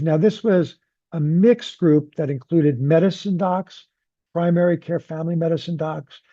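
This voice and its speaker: A psychologist giving a research lecture at grand rounds, in a measured, deliberate way with frequent pauses and fillers. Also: male voice, on the high side, dark tone, no room sound. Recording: dull, muffled lecture audio.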